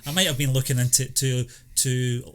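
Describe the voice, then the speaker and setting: A man co-hosting a film review podcast who talks in a relaxed, hesitant way, often agreeing and filling pauses with "you know". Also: medium pitch, slight background noise. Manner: hesitant, many ums and you-knows, agreeable. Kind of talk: casual chat.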